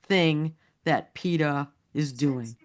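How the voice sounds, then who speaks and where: Slow-talking chatty woman co-host. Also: low voice. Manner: chatty storyteller, laughs often, many restarts. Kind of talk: casual chat.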